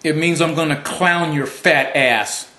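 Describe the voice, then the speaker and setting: A man hosts his own show and picks apart a radio clip, slow and boastful, needling his target. His voice sits a little high and rings in a roomy, echoing space. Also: crowd noise. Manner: taunting, boastful. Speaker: public-access show host. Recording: roomy echo.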